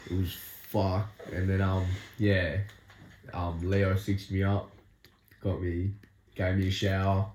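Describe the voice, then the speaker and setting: A young Australian man with a very low voice tells a story bluntly, swearing freely. He rambles loosely. The sound carries room echo and a faint hiss. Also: little pitch movement, slow pace, darkish tone. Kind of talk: casual chat. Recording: echoey room with faint noise.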